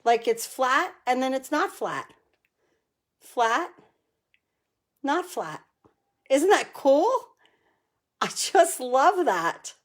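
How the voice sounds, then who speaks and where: Middle-aged woman from New Jersey, friendly craft-stream host, chatty and upbeat, voice sits a bit high. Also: big pitch swings, takes it slowly. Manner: chatty, greets viewers by name, enthusiastic about cards. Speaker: card-making demonstrator hosting a live stream. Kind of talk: casual live craft tutorial.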